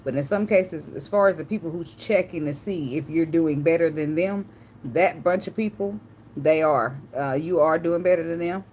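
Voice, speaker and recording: Low-voiced chatty woman reading tarot. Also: moderate pace, a little mellow, slight background noise. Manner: chatty, tangential, slangy, swears and laughs. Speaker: tarot reader. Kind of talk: casual channeled tarot reading.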